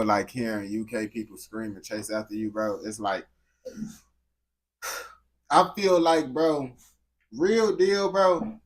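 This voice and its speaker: A young man from the United States giving slangy, incredulous reaction commentary on a video. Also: mid-range voice.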